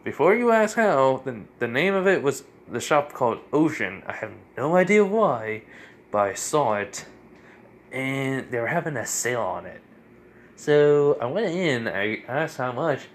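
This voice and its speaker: A man's voice: mid-range voice, big pitch swings, a little slow, slight background noise. Dude doing a chill young sword guy, casual and shruggy. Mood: easygoing. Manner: casual, laid-back. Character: young male swordsman, amnesiac and easygoing.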